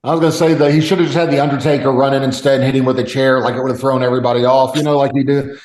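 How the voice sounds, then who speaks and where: A man co-hosting a fight podcast, talking quickly in a wry, questioning way. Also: medium pitch, little pitch movement, a little mellow, reverberant, low-quality recording. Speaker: podcast co-host. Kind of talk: casual chat.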